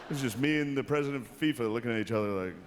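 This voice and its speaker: A man's voice: medium pitch, racing, background noise. A man doing a stand-up monologue while hosting an awards show, with a laid-back, self-mocking delivery, in broadcast audio from a large hall.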